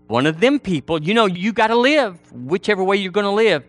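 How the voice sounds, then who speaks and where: A man preaching a sermon, folksy and animated, slipping into playful voices for the people he mimics. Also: sits high, brisk, no echo, faint music behind.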